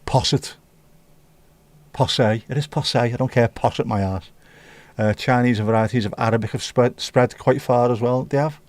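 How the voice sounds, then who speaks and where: A man's voice: medium pitch, fairly even intonation, a little fast, few pauses, darkish tone, dry recording. A British man hosting a casual livestream, reading out viewer comments and chatting about them in an opinionated, mildly profane way. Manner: reads viewer comments aloud and riffs on them. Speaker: livestream host.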